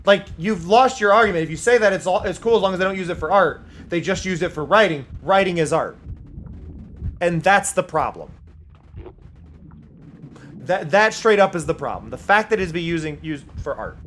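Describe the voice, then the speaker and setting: A streamer from the United States talking live over gameplay, emphatic and worked up, repeating key points, at other times reading game text aloud in a playful, mocking way. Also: male voice, high voice, expressive, a little fast, a bit bright, a little hiss or hum. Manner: heated ranting, emphatic repetition.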